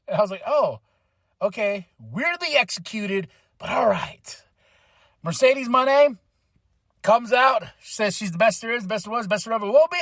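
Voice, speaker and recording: High-voiced man recapping, dry sound. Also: lively intonation, moderate pace, fairly bright tone, no room sound. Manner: chatty and irreverent, swears freely, acts out quotes. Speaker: podcast host. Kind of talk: casual wrestling show recap.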